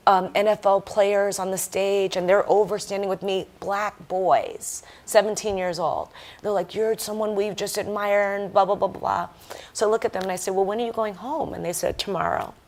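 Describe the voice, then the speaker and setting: A woman speaking as a panel guest, telling a story with lively acted-out quotes. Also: medium pitch, slight background noise. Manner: animated, acts out quoted voices.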